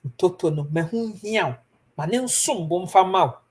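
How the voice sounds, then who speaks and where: With a fairly low pitch, lively intonation and a moderate pace, a young Ghanaian woman hosts a live stream. She gives her viewers earnest, pleading advice in casual talk, mixing Twi with English.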